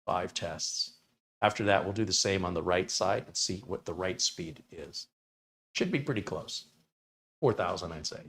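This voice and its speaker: An American man hosting a live tech stream, running benchmarks and chatting casually with viewers in a relaxed way. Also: low-pitched, moderate pace. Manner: relaxed, chatty, reads chat names aloud. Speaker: tech channel host. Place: home studio.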